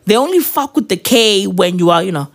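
A man's voice: high-pitched, expressive, brisk, creaky, fairly bright tone. A man ranting about his football club in a casual, slangy style, swearing and tagging his lines with "right?" and "bruv". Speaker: football fan vlogger.

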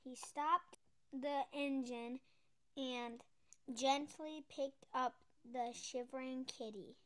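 A woman reading a children's picture book aloud as a storybook reader, gentle and expressive. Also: a little high, slow.

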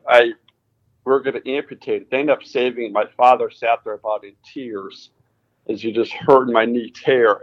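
Storytelling man, dull lo-fi sound. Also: mid-range voice. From Connecticut. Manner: animated retelling, acts out quoted dialogue. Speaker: guest, racing driver. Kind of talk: casual interview storytelling.

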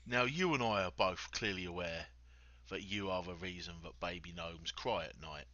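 A towering war machine of a man with a sadistic streak, speaking low, slow and with quiet menace, as a player puts him on. The voice is bright and edgy, and it sounds dull and lo-fi. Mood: menacing. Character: hulking eight-foot male war machine, sadistic menace.

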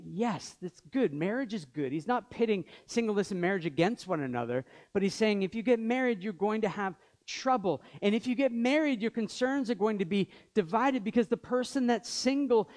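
A man's voice: high-pitched, darkish tone. A man in his thirties preaching a sermon in a conversational way, with joking asides. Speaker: pastor.

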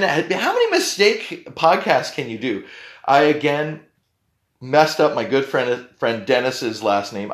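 A man hosting a podcast in a relaxed, rambling way, cracking jokes at his own expense. His voice sits at an ordinary pitch, and the room adds a noticeable echo. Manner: rambling, joking, self-deprecating. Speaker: podcast host and tea company owner. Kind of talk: casual podcast chat. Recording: roomy echo.

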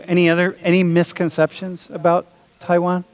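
A male instructor jokes with his students, throwing around "dude" and "bro" in a loose, playful classroom manner. His voice sits a little high for a man. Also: completely flat delivery, moderate pace. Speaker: college instructor. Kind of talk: casual classroom banter. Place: lecture classroom.

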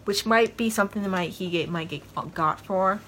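A woman's voice: mid-range voice, normal speed, a bit bright, slight background noise. A woman podcast host giving a casual, rambling recap of a TV episode, full of fillers as she retells the scenes.

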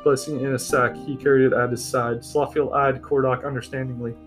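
Male storybook narrator, mid-pitched, steady delivery, soft guitar behind. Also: fairly quick, rough recording. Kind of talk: storybook reading. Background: faint guitar music.

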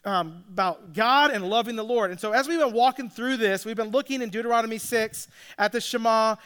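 A man's voice: high-pitched, fairly quick, fairly bright tone, clean tone. A middle-aged man, a pastor, giving a conversational sermon full of asides and restarts.

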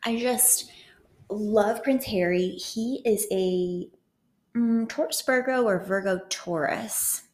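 A woman's voice: mid-range voice, slow pace. Giggly chatty woman in an echoey room. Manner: chatty and giggly, full of "like" fillers. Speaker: podcast co-host. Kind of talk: casual chat. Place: public venue.

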